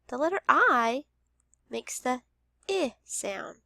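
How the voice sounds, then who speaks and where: Slow, patient woman teaching phonics. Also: sits high, big pitch swings, creaky, pushed and bright, no echo, studio quality. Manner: slow, patient, sounds out each letter. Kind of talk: phonics lesson for young children.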